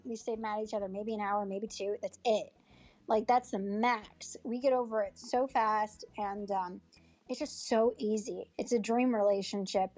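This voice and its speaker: In an audio chat room interview, a woman actor and acting coach talks with a rather high, darkish voice. She rambles sincerely, restarting and using fillers, and her emotion brings her close to tears.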